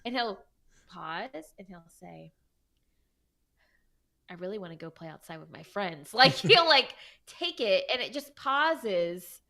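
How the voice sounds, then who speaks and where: A woman in her thirties co-hosting a podcast, asking curious questions with quick reactions and laughter. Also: mid-range voice, lively intonation, gravelly, sharp tone. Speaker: podcast co-host. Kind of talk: casual chat.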